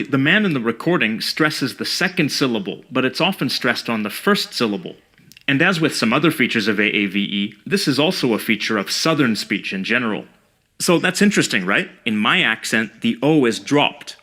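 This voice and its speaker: A man giving scripted educational narration about speech sounds, in a measured and precise way. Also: medium pitch, expressive, pushed and bright. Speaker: language educator.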